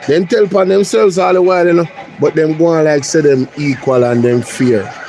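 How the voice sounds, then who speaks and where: A man's voice: on the high side, fairly even intonation, fairly quick, mellow, faint music behind. A Jamaican man hosting a reaction show, switching between patois and English with blunt, incredulous remarks. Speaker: host. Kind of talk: reaction commentary.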